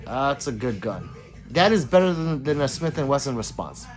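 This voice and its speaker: Lively man reading livestream chat. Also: medium pitch, moderate pace, soft background music. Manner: chatty, laughs often, reads comments aloud in a lively voice.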